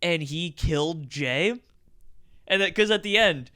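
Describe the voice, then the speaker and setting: Bright, clear-voiced young man. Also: on the high side, a little slow, no echo, clean studio sound. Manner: rambling, laughing, swearing often. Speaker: podcast co-host. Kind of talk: casual gaming podcast chat.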